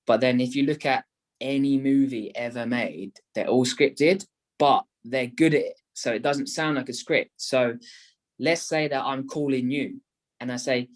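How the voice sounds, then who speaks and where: Man, podcast guest, animated delivery, acts out phone calls, mid-pitched voice. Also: a little slow. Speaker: property investment guest. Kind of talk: casual podcast talk.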